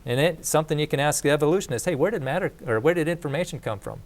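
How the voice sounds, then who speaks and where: A man with a fairly high voice talks rapid-fire while teaching a faith course. His lecture is casual and plain-spoken, with repeats, restarts, and asides.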